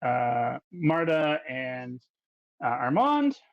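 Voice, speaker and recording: A man narrating a tabletop game as game master, in a casual, halting way with many fillers. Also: mid-range voice, big pitch swings, slight background noise. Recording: dull, dry audio.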